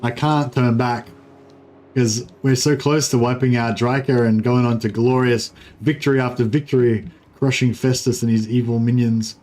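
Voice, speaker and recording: A man's voice: medium pitch, level tone, normal speed, darkish tone. A man streaming a strategy game, thinking aloud in hesitant, casual commentary and swearing now and then. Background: faint game music.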